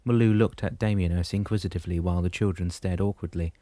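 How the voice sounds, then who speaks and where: Deep, mellow male audiobook narrator. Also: fairly even intonation, quick pace, no echo. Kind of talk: scripted narration.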